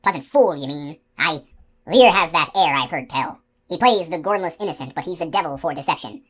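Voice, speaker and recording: A woman voicing a gruff giant male outlaw who talks in a broad country dialect. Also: deep voice, lively intonation, a little fast, fairly bright tone, full character voice. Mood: gruff, scheming.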